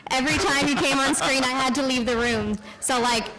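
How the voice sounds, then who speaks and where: A young woman in her twenties steps up to a noisy audience mic to ask her question. Her voice is fairly high, and she giggles nervously and hesitates as she goes. Clear background noise runs under her words. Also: brisk. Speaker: fan asking a question.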